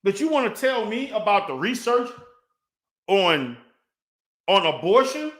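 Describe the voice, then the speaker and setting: A man's voice: high voice, very animated, unhurried, fairly bright tone. A man ranting in a response video, profane and mocking, heated and insulting. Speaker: online commentator. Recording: echoey room.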